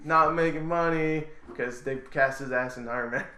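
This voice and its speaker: A man's voice: fairly high pitch, moderate pace, sharp tone. A young man hosting a podcast in casual chat, joking, swearing and laughing often. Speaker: podcast host. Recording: echoey room.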